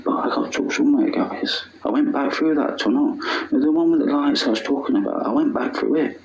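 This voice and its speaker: A man's voice: medium pitch, fairly quick, darkish tone, slight background noise. A man tells a personal story in an emotional, rambling way, often dropping to a whisper. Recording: roomy, dull lo-fi recording.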